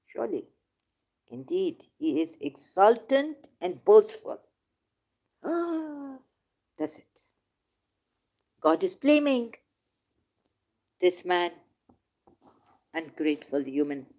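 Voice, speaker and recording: A woman hosting a casual livestream, reading scripture passages aloud and commenting on them emotionally, swinging from quiet musing to emphatic outbursts. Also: fairly low pitch, very animated, slow pace, long pauses. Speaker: online talk host.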